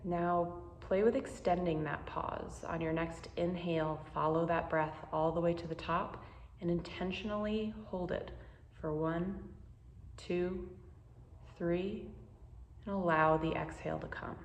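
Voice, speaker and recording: A woman guiding a meditation, speaking slowly and gently with soothing instructions. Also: lowish voice, steady tone, reverberant, dull audio, slight background noise. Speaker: meditation guide. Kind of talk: guided meditation.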